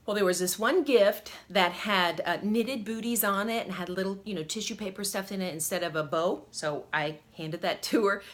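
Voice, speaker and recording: In a casual story-time vlog, a woman rambles through embarrassing stories from her life, mocking herself and laughing often. Her mid-range voice moves at a moderate pace with few pauses.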